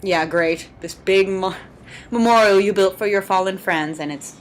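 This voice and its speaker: A woman's voice: medium pitch, normal speed, slight background noise. A woman doing a casual, chatty fan commentary over a cartoon episode, sarcastic and laughing, with the odd swear word.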